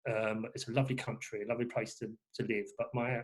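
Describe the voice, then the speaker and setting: A man's voice: mid-range voice, flat delivery, quick pace. Rambling man, chatty guest. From England. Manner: rambling, many fillers and restarts. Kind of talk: casual conversation.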